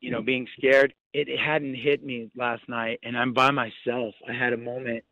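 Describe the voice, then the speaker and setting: A man's voice: mid-range voice, little pitch movement, bright, forceful tone, no echo. Young guy on a muffled phone call, keeps restarting, dry close sound, shaken retelling. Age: young adult. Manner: halting, many restarts, vivid retelling. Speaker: phone-in guest. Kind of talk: emotional first-hand account.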